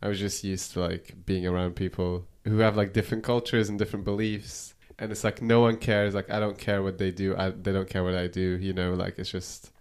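A man's voice: sits low, flat delivery, a little fast, hardly any pauses, a little mellow, clear, resonant tone. A man in casual podcast chat, rambling with lots of "like" and casual swearing. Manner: casual, fills with "like", swears freely. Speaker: podcast guest.

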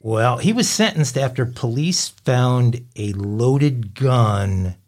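A man's voice: mid-range voice, animated, slow, a little mellow. A middle-aged man hosting a crime podcast, telling stories and reading headlines in a wry, chatty way. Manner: wry, storytelling. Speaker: podcast host. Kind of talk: casual podcast chat and news reading.

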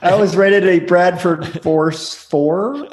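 A man's voice: sits high, takes it slowly, roomy sound. A man co-hosting a podcast in casual chat, sarcastic and teasing. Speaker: podcast co-host.

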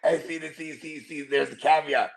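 A man co-hosting a sports podcast, his voice gravelly and sitting a little high. He talks in loose, animated bursts, cracking jokes and swearing often. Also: normal speed. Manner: animated, joking, swears a lot. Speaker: podcast co-host. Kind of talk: casual chat.

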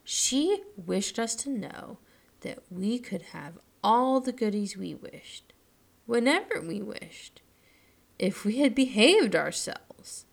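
A woman voicing a gentle, thoughtful rag doll girl, speaking earnestly with a slightly raised voice. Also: mid-range voice, very animated, takes it slowly, gravelly, voice pushed up, full character voice.

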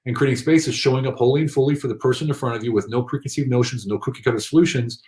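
Guy rattling off stories quick, lowish voice, echoey room. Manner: animated, rambling anecdotes with fillers. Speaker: guest. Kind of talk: casual storytelling interview.

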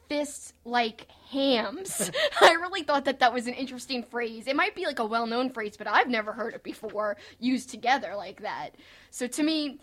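A high-pitched woman co-hosting a podcast in casual, excited chat. She talks eagerly and loosely, dotting her sentences with "like" and quick asides. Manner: enthusiastic, chatty, lots of "like". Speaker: podcast co-host.

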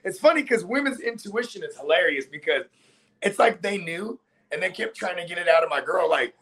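A man's voice: expressive, brisk, creaky, a bit bright, poor audio. A man co-hosting a casual sports podcast, telling loose profane stories and acting out quotes. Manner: loose storytelling with profanity, acts out quotes in a high voice. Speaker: podcast co-host.

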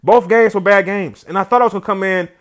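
A gamer commentates his own football video game play, chatty and slangy, swinging from loud yelling to low muttering. His tone is steady and his pace quick.

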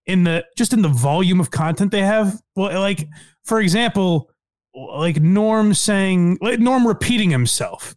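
A man hosting a podcast, chatting casually about comedy clips, excited and laughing, loose with fillers and swearing. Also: high voice, no room sound, clean studio sound. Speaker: podcast host. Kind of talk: casual chat reacting to clips.

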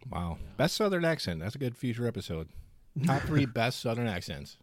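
A man's voice: medium pitch, sing-song, a little fast, no room sound. A man co-hosting a casual movie podcast, emphatic and swearing for effect. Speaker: podcast co-host.

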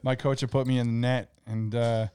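A man's voice: mid-range voice, level tone, fairly quick, dark tone, smooth, dry recording. A man co-hosting a podcast in easy casual chat, laughing often. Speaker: podcast co-host.

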